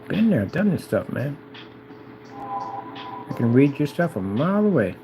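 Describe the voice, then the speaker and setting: A man talking casually and repetitively, hyping himself up while reading instructions aloud haltingly. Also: fairly high pitch, big pitch swings, background noise. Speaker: DIY projector screen vlogger. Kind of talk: casual self-recorded commentary.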